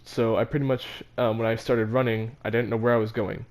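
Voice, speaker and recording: A man's voice: mid-range voice, flat delivery, fairly quick, a little mellow. A teenage boy telling a story about his school in a casual, rambling, self-mocking way, with many fillers and restarts. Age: teens. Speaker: vlogger.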